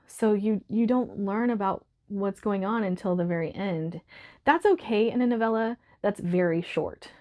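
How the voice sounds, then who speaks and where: A woman talking through her month's reading in a relaxed vlog. Her voice sits at an ordinary middle pitch, and her delivery is chatty and emotional with frequent laughter. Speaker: book vlogger. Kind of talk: casual monthly reading wrap-up.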